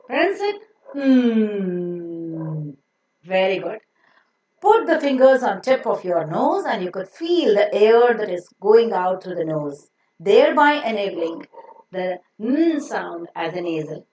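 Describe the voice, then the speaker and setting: Slow, lively-voiced woman teacher. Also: medium pitch, slight background noise. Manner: deliberate, repeats words for learners to copy. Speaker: English pronunciation teacher. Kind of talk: slow instructional lesson. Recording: echoey room.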